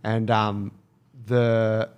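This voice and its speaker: A man's voice: on the low side, drawn-out words, smooth, dull audio. An Australian man on a casual podcast, telling a story with lots of swearing and acted-out quotes. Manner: animated storyteller, swears freely, acts out quotes.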